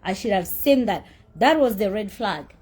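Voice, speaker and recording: Here a woman with a medium-pitched, darkish, slightly rough voice talks expressively at a moderate pace. Her candid, indignant monologue about a payment dispute is blunt and full of profanity, with emphatic repetition throughout.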